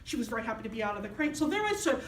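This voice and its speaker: A woman's voice: a little high, big pitch swings, rapid-fire. A woman minister giving a sermon, telling a personal story and acting out the voices of the people in it. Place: church sanctuary. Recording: echoey hall, mic at a distance.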